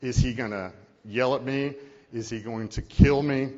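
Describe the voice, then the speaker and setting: A man's voice: mid-range voice, a little slow, a little mellow, natural voice. A man voicing a nervous young male officer who is afraid to bring bad news to his boss, with anxious, hesitant pleading. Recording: echoey hall, dull lo-fi sound.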